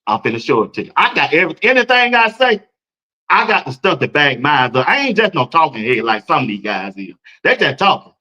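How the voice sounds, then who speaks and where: A man's voice: a little high, sing-song, a little fast, sharp tone, dull audio. A man hosting a sports talk show, talking in a casual, hyped-up way and laughing between points.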